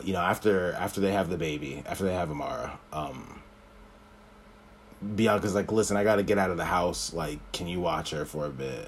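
Low voice guy on a podcast, lots of ums, walking thru movie scenes casually. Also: a little mellow, slight background noise. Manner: conversational, frequent ums and restarts, retells scenes. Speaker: podcast host. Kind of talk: casual film commentary.

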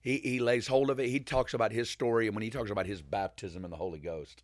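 A man in casual faith conversation, retelling a story as an animated storyteller who rambles and restarts. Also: lowish voice, quick pace, no room sound, studio quality.

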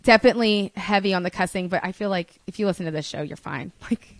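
A woman's voice: mid-range voice, fast, no echo. A young woman, a podcast guest, chatting casually and telling rambling stories with laughter and swearing. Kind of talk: casual chat.

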